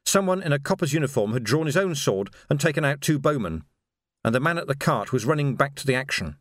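Narrating an audiobook, a man keeps a steady, deliberate storytelling pace in his mid-range voice. There is no room sound, and the audio is clean and studio-like.

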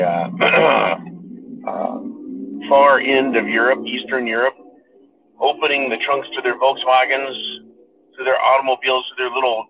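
A man's voice: medium pitch, slight background noise. Sarcastic ranting man over a tinny line. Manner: sarcastic, ranting, addresses listeners as folks. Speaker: podcast host. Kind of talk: opinionated political monologue. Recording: tinny phone-like sound.

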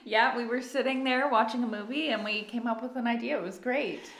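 A woman co-hosting a casual podcast, a small business owner who explains things in an easygoing, measured way. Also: fairly high pitch, creaky, a bit bright. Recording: echoey room.

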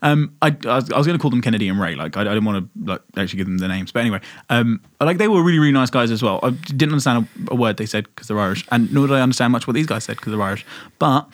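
A man's voice: mid-range voice, expressive, very fast, dry recording, studio quality. A young man, co-hosting a podcast in casual, sweary, self-mocking banter, laughing often. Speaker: podcast co-host.

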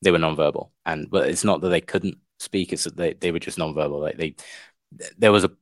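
A man's voice: deep voice, fairly even intonation, a little fast, no echo, studio quality. A man, a former teacher, co-hosting a casual podcast and thinking aloud with lots of filler words.

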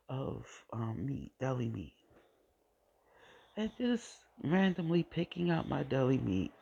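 A woman shares a personal faith testimony, talking slowly and repeating phrases for emphasis, sometimes sinking to a whisper. Her voice is very husky and gravelly. The recording sounds dull and lo-fi. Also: rumbling low, a little mellow. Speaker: vlogger sharing her faith.

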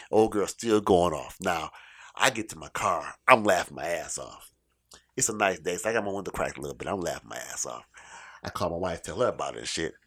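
Middle aged guy doing standup, low voice, swoops all over, cussing a lot. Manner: animated, profane, swings between loud bursts and quiet asides. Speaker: stand-up comedian. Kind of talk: stand-up comedy storytelling.

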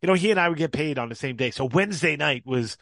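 A man's voice: on the high side, animated, quick pace, vocal fry, fairly bright tone, dry recording. A man co-hosting a podcast in casual, easygoing chat with many fillers. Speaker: podcast co-host.

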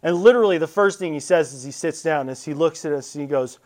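Lively, higher-voiced male storyteller. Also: fast. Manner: lively, casual, animated storytelling. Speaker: convocation speaker. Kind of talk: storytelling speech.

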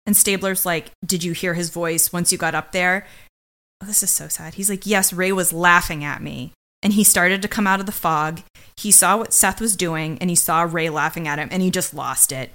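A woman's voice: on the low side, normal speed, fairly bright tone. A woman co-hosting a podcast, recapping a TV episode in casual chat and giving blunt opinions. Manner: blunt and opinionated, acts out characters' lines. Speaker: podcast co-host.

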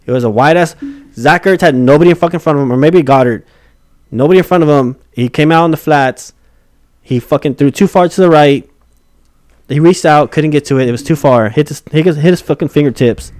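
A man's voice: on the high side, a little fast, darkish tone, dry recording, studio quality. A man in a casual sports argument, stubborn and profane, insisting he is right.

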